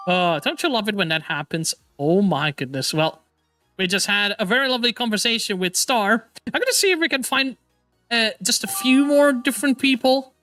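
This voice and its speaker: A man hosting a casual live stream as a VTuber, excitable, stammering and often laughing or swearing. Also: sits high, moderate pace, faint music behind.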